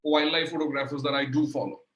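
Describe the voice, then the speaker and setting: A man's voice: on the high side, steady tone, fast, a bit bright, reverberant, rough recording. Hesitant male interviewer. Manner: hesitant, many filler sounds. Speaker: host. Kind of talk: interview questions.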